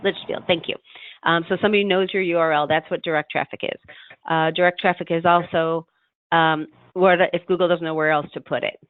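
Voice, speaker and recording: A man with a somewhat high voice explains marketing data to a client over a call. His talk is loose and explanatory, full of fillers and self-corrections. The sound is tinny and phone-like, dry with no room echo. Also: steady tone, a little fast. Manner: explanatory, many fillers and restarts. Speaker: marketing consultant. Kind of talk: business consultation call. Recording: tinny phone-line audio.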